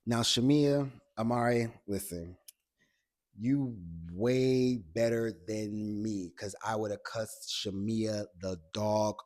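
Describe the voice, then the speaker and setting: A man with a fairly low, slightly mellow voice recaps a reality TV episode in a casual vlog. He's blunt and profane, addresses the cast directly, and retells scenes in a chatty, gossipy manner.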